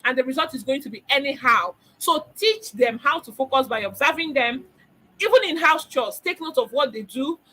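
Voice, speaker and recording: A woman's voice: high-pitched, lively intonation, moderate pace, bright, forceful tone, poor audio. A middle-aged woman teaching a parenting webinar, emphatic, repeating key phrases and asking rhetorical questions. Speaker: parenting coach.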